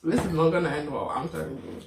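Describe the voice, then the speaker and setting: A woman's voice: low-pitched, lively intonation, quick pace, vocal fry. Chatty woman recorded in an echoey room. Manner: chatty, quotes herself and others, laughs while talking. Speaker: co-host. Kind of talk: casual chat reviewing a drama. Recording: echoey room, distant mic, faint hiss.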